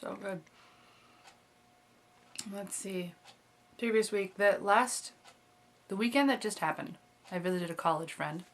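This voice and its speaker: A woman's voice: medium pitch, unhurried, long pauses, a little hiss or hum. A woman in her twenties chatting casually in a video diary, rambling with lots of fillers and little laughs. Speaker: vlogger.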